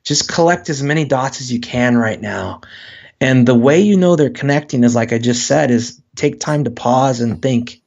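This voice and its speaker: A man's voice: mid-range voice, normal speed, creaky, highs cut off. A man, a guest author, speaking in a casual interview and acting out quoted voices as he talks. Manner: animated, acts out quoted voices.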